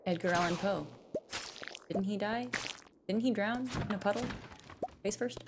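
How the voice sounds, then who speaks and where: A woman's voice: medium pitch, normal speed, noisy background. A young woman casually chatting and joking while playing a farming game, rambling and self-deprecating. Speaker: gaming streamer. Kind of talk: casual gameplay commentary.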